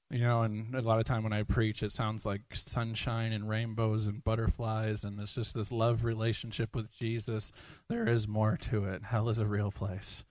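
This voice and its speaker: Man, preacher, low voice, level delivery, earnest conversational sermon. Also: little pitch movement, normal speed, few pauses, a little mellow, no room sound. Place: church.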